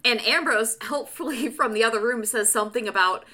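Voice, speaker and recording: A woman's voice: on the high side, brisk, sharp tone. A woman podcast co-host in casual book chat, joking and chiming in with quips and laughter.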